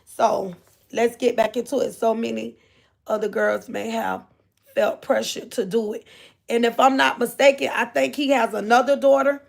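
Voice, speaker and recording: A woman's voice: on the high side, steady tone, normal speed, creaky. A woman hosting a live stream, recapping a story in a casual way with lots of fillers. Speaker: commentator host.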